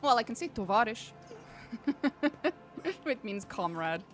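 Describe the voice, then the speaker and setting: A woman's voice: mid-range voice, lively intonation, takes it slowly, fairly bright tone, soft background music. A young woman streaming a game, chatting casually with her viewers, swearing and laughing often. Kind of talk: casual chat while gaming.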